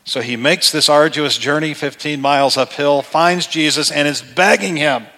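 A man's voice: fairly high pitch, moderate pace, sharp tone. A middle-aged male pastor preaching a sermon in a church, conversational and emphatic, acting out the people he quotes. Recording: long hall reverb.

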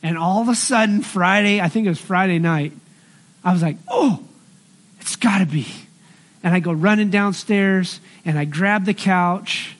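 A middle-aged male pastor with a notably high voice preaches in an earnest, conversational way. He moves between scripture and homely personal stories, speaking directly to his congregation. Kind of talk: sermon.

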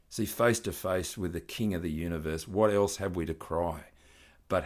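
A man's voice: low voice, steady tone, moderate pace. A man preaching a sermon, reading scripture aloud and building earnest emphasis as he explains it.

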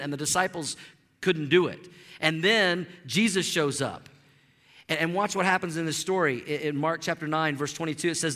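A man preaching a sermon as pastor, animated and emphatic, with frequent stammered restarts. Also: on the high side, moderate pace. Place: church sanctuary. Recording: long reverb of a large hall.

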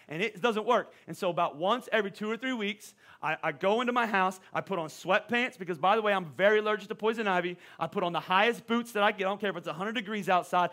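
A middle-aged male pastor preaching a sermon, telling a funny personal story with lively, self-deprecating humor. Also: sits high.

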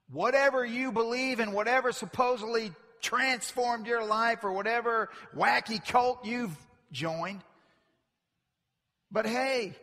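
Male preacher, high bright voice, slow deliberate delivery, big church reverb. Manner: emphatic, builds from quiet to loud. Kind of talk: sermon. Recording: long reverb from a large hall.

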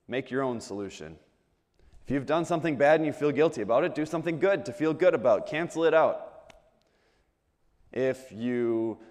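Preacher with long hall reverb. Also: male voice, mid-range voice. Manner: conversational, asks the audience rhetorical questions, repeats words when restarting. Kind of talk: sermon.

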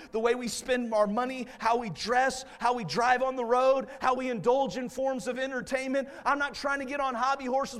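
A man preaching a fervent revival sermon as a guest preacher in a church, swelling to shouts. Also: extremely high pitch. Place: church sanctuary. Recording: long church-hall reverb.

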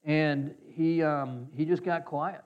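A pastor preaches a sermon in a smooth, fairly high voice with a steady tone and slow pace, and the recording sounds slightly dull and muffled. He tells a personal story in a folksy way, acting out the voices of the people he quotes.

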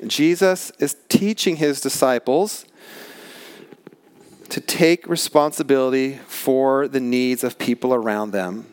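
A man preaching a sermon as pastor, earnest and emphatic, slowing down to stress key words. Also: medium pitch, a little mellow, clear, resonant tone, dry recording. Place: large tent.

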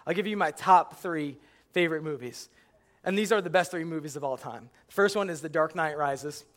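Casting: young male stand-up comic, high bright voice, animated storyteller. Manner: animated storytelling, acts out yelling at the screen. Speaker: stand-up comedian. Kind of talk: stand-up comedy routine.

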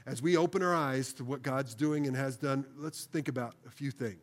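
A man preaching as pastor in a church service, leading the congregation through spoken phrases and ending in an earnest, pleading prayer. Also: medium pitch. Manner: slows to repeat phrases with congregation. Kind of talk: sermon closing with prayer. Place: church sanctuary, broadcast service.

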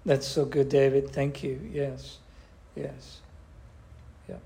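A man's voice: mid-range voice, completely flat delivery, takes it slowly, creaky, mellow. An older man, a pastor, teaching a church class in a conversational way and asking the group questions.

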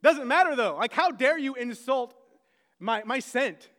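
A man's voice: very high-pitched, expressive, measured pace, fairly bright tone, in a large hall. A man, a pastor, preaching a sermon conversationally, with self-deprecating asides to the congregation.

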